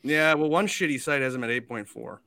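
A man's voice: mid-range voice, a little fast, sharp tone, smooth, no echo. A man hosting a podcast in casual chat, rambling and talking through his thinking with plenty of fillers. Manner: chatty and rambling, lots of fillers. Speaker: podcast host.

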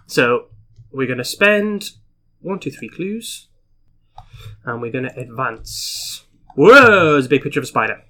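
Husky-voiced man narrating a card game. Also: mid-range voice, bright, forceful tone. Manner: reads card text aloud, chats through moves. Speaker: solo board game player. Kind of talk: casual playthrough with read-aloud story text.

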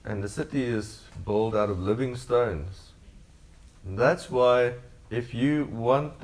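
A man preaching a sermon to his congregation, earnest and repetitive in cadence. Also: medium pitch. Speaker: pastor.

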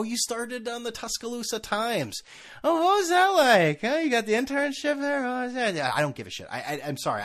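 A man in his late thirties rambles through a solo podcast with a sarcastic edge. His voice sits a little high and leaps all over the place when he mimics others. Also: a bit bright. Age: 30s. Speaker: podcast host. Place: California.

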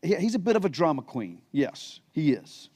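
A middle-aged man preaching a sermon, reading scripture aloud and then retelling it in plain, conversational words, moving between emphatic peaks and quiet asides. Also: fairly high pitch, sing-song, moderate pace. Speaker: pastor.

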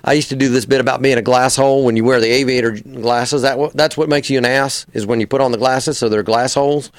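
Animated comedian, dry close sound. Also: male voice, mid-range voice, fast talker, no echo. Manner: animated storyteller who slips into character voices. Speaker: comedian and voice actor. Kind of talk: casual interview chat.

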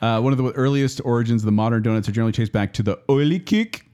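A man's voice: mid-range voice, very fast, clean tone. A man co-hosting a casual food-ranking chat, playfully arguing and reading out trivia. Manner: animated, playfully argumentative, reads out trivia. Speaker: podcast co-host.

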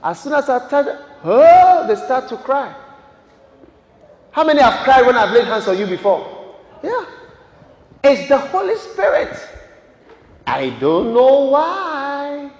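High-voiced preacher in an echoey hall. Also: male voice, lively intonation, moderate pace, long pauses. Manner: emphatic, repeats rhetorical questions, bursts into shouts. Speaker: pastor. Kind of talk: sermon. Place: large church hall. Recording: echoey church hall with long reverb.

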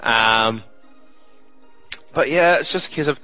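A man's voice: mid-range voice, slow, bright, forceful tone, dry recording, faint music behind, low-quality recording. A young man, a podcast host chatting casually and jokily, rambling with fillers. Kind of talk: casual chat.

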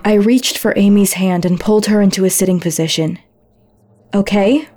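Woman reading her story aloud, soft mellow voice, gentle. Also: medium pitch, steady tone, a little fast. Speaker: narrator. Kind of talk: first-person audiobook narration.

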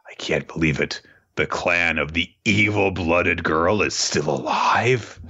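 A man's voice: sits low, a little slow, pushed and bright, husky, highs cut off, pitched below the performer's own voice, exaggerated voice. A man voicing an ominous, scheming teenage boy in a grave, brooding tone.

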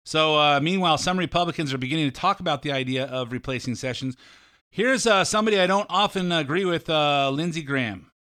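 A man's voice: on the high side, brisk, bright, forceful tone, smooth, no room sound, studio quality. A male talk radio host giving rambling, opinionated commentary with frequent fillers.

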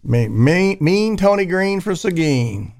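A man co-hosting a sports talk radio show, joking and firing quick questions. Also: sits high, very animated, darkish tone. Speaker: radio co-host. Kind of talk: casual chat.

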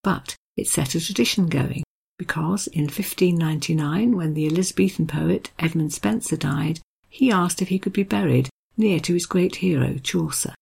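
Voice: mid-range voice, normal speed, creaky, darkish tone, slightly rough. A podcast host giving an informal history talk, telling stories in a chatty way with wry asides.

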